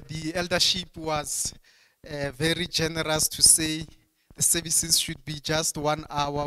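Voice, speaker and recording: A pastor preaching a sermon at a church service, emphatic and full of repeated restarts. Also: male voice, a little high, pushed and bright, smooth. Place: church hall during a service. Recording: long hall reverb.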